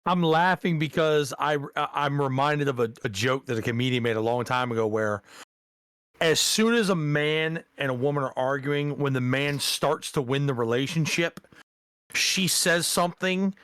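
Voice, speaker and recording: A man's voice: fairly high pitch, moderate pace, fairly bright tone, clear, resonant tone, dry recording, studio quality. A man co-hosting a casual podcast, laid-back and joking, with swearing and banter. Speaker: podcast co-host.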